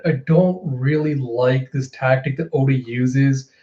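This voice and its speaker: Animated man recapping in a mellow voice. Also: medium pitch, a little slow. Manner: animated, retelling with frequent fillers. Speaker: manga reviewer. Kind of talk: casual reaction commentary. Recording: roomy, slightly dull recording.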